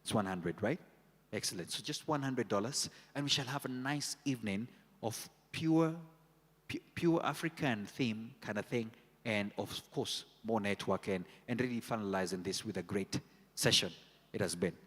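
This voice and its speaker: A man's voice: mid-range voice, animated, normal speed, fairly bright tone. A man hosting a conference, making announcements in a chatty, joking way and correcting his own slips. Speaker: event host. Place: conference hall. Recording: reverberant conference hall.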